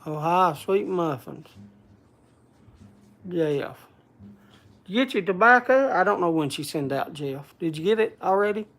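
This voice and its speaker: A man's voice: high-pitched, animated, measured pace, pauses often, a bit bright. A man hosting a casual livestream from a log cabin, chatting and greeting viewers by name. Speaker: livestream host.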